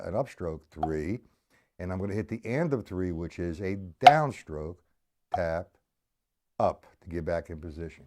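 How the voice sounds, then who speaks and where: Middle-aged man, lowish voice, live drum teacher, loose, self-correcting and apologetic. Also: a little mellow. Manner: apologetic, rambling, full of restarts; counts and explains stickings slowly. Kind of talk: live-streamed drum lesson.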